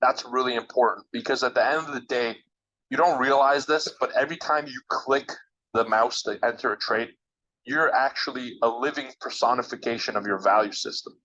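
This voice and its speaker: A man's voice: medium pitch, brisk, pushed and bright, slight background noise. Emphatic man coaching listeners, dull sound. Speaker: interviewed trader guest. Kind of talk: motivational advice in a podcast interview.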